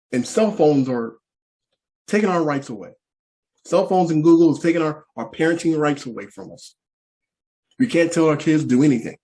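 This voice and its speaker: A man performing stand-up, telling a repetitive, animated story about parenting from the stage. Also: a little high. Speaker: stand-up comedian.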